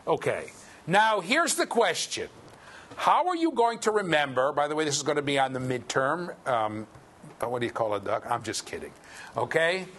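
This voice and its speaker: A man lecturing a university class, his pitch rising and falling with animated energy and sitting a little high. He jokes and fires questions at the students. Faint room noise hums underneath. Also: moderate pace. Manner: lively, jokey, quizzes the class. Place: lecture hall.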